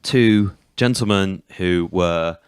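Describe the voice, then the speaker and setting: British male co-host, very low smooth voice, steers the chat, dry close mic. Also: slow, no echo. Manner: explains at length, steers the conversation. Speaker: podcast co-host. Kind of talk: casual chat.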